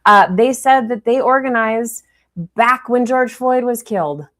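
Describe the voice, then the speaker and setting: A woman from Minnesota with a Minnesotan accent, co-hosting a live political talk show in a chatty, animated way. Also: a little high. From Minnesota, USA. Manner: chatty, animated, quick asides. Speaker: co-host.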